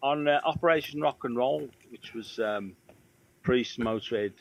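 A man's voice: mid-range voice, gravelly, rough recording. A man from the Midlands telling rambling tour stories. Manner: rambling anecdotes with quick impressions. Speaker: guitar tech guest. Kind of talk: casual storytelling chat.

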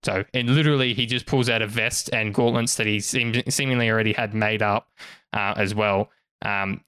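A man narrating a tabletop game as game master, in a relaxed, casual way. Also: on the low side, smooth, no room sound.

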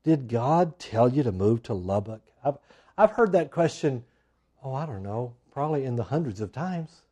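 A man preaching a sermon, swinging from loud emphatic lines to hushed, drawn-out asides. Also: mid-range voice, lively intonation, breathy edge. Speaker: pastor.

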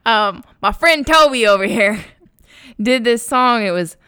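Chatty woman podcast co-host, smooth voice. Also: fairly high pitch, lively intonation, pushed and bright, dry recording, clean studio sound. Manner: chatty, laughs often, quick asides. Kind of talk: casual chat. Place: Houston-based podcast.

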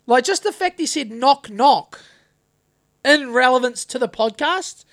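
A man's voice: extremely high pitch, lively intonation, normal speed, a bit bright. A man co-hosting a podcast, ranting bluntly and swearing constantly in casual chat. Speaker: podcast co-host.

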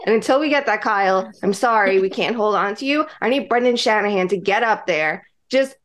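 A woman co-hosting a sports podcast in casual chat, rambling and animated. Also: mid-range voice, brisk, hardly any pauses. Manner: animated, rambling, acts out loud voices. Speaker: podcast co-host.

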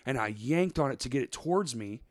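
A man's voice: medium pitch, lively intonation, a little fast, no echo. A man co-hosting a podcast, telling stories in casual chat, swearing freely and laughing often. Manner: profane, laughing storyteller. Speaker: podcast co-host.

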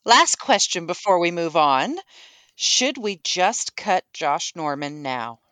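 A woman with a British accent hosting a casual sports podcast, briskly putting questions to the panel. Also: lowish voice, very animated, a bit bright, no room sound. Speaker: podcast host.

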